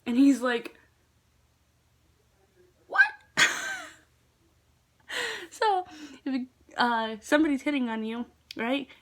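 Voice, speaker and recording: A woman's voice: sits high, lively intonation, slow, long pauses. A teenage girl casually telling work stories in a vlog, chatty with lots of fillers, sometimes dropping to a whisper. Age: teens. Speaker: vlogger.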